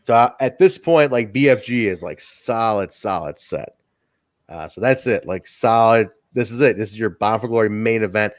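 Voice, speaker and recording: A man hosting a podcast, recapping a wrestling show in casual, excited, profane chat. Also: fairly low pitch, normal speed, dry recording, studio quality. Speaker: podcast host.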